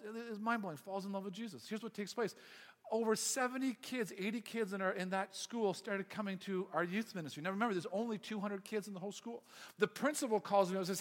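A man's voice: high voice, a little fast. A man who is a youth pastor, telling a story in a sermon and acting out the voices of the people in it. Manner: animated, acts out quoted voices. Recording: long hall reverb.

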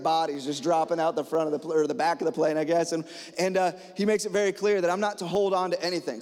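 Guy preaching, kinda high voice, telling a story all animated, echoey hall. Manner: animated storytelling, acts out dialogue, fillers. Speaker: pastor. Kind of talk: sermon with a personal story. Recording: hall reverb.

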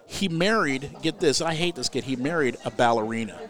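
A man's voice: medium pitch, brisk. Older man telling a wild comic story. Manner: animated, frequent restarts, rises loud at the punchlines.

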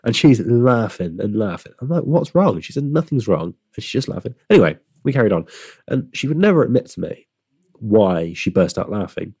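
A young man tells a story in a low, gravelly voice with a husky edge. He rambles and pokes fun at himself, restarting sentences as he goes. The sound is dry and close to the mic. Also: lively intonation, a little fast, warm tone, no room sound. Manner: rambling, self-deprecating, frequent restarts. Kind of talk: casual storytelling monologue.

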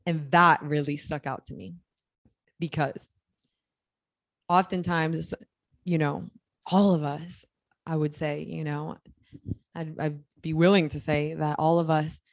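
A woman's voice: low-pitched, steady tone, a little slow, pauses often, no room sound, clean studio sound. A young woman co-hosting a casual chat podcast, telling stories in a chatty way and laughing as she talks. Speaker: podcast co-host.

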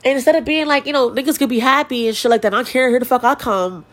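A woman's voice: sits high, fast. A young woman hosting a podcast alone, talking bluntly and profanely about her feelings, her nose stuffy. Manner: blunt, profane, emotional and confessional. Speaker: podcast host. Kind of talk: candid solo podcast monologue.

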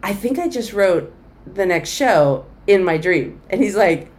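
Her mid-range voice unhurried, the middle-aged comedian recounts a long story in a chatty interview setting. She brings it to life animatedly, doing the voices of those she quotes.

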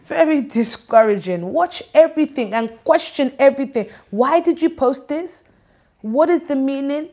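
A woman giving an informal church address, animated, teasing and scolding. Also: sits high, normal speed. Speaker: church leader.

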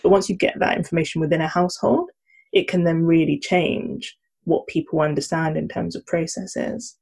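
A woman's voice: low voice, steady tone, normal speed, vocal fry, a little mellow, husky. A woman from South London, reflecting in a casual chat. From Croydon, South London. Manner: reflective, laughs now and then.

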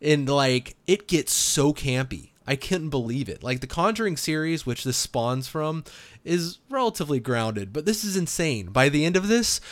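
Guy on a podcast, animated, laughs a lot, says like constantly, dry close sound. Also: on the high side, normal speed, dry recording. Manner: animated and laughing, heavy use of "like". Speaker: podcast co-host. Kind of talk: casual podcast chat.

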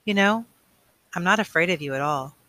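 A man reading the lines of a curious, dreamy teenage girl from a novel, in a soft, wondering way. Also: on the high side, lively intonation, normal speed. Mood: musing.

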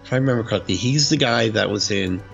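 A man's voice: medium pitch, fast, vocal fry. A man in casual chat who talks animatedly and breaks into mock voices. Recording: dull lo-fi recording with faint music.

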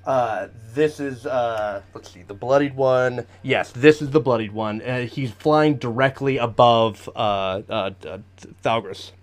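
A man's voice: medium pitch, measured pace. A man narrating as game master of a tabletop game, chatty and laughing often.

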